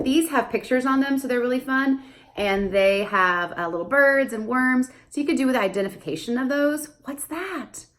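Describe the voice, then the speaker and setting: A young adult woman, a speech therapist, explaining casually to camera and breaking into high sing-song questions as if to a toddler.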